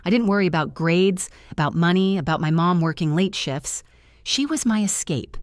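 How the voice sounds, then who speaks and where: A woman's voice: on the low side, animated, normal speed, dry recording, clean studio sound. A woman narrating a first-person revenge story in an earnest, dramatic scripted style.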